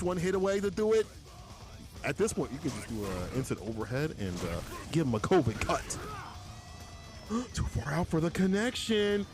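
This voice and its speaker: A man doing casual esports play-by-play from a small closet at home, slangy and laid-back, talking to his chat. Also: high voice. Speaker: esports commentator.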